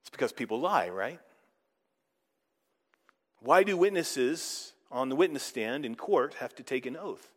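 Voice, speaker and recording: A man's voice: medium pitch, lively intonation, unhurried, long pauses, big-room sound. A man preaching a sermon in a conversational way, often putting questions to the audience.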